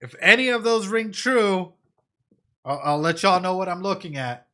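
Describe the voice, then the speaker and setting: A man in a casual live-stream reaction, chatting freely and speaking directly to his viewers. His voice sits a little high for a man, and he circles back to the same phrases. The talk is loose and conversational. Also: normal speed, bright, forceful tone. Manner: chatty, repeats phrases, addresses chat directly; thinks in Spanish at times.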